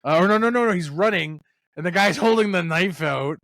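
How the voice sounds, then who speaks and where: A man's voice: sits high, a little fast, a bit bright, dry recording, studio quality. A man hosting a casual movie-review podcast, rambling and swearing as he retells scenes. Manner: rambling, swearing, acts out lines with laughs. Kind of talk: casual chat.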